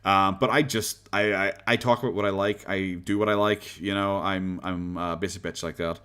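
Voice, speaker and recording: A man's voice: sits low, steady tone, normal speed, bright, forceful tone, smooth. Chatty Irish man streaming. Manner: rambling, laughing, swearing casually. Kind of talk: casual live stream chat reading comments.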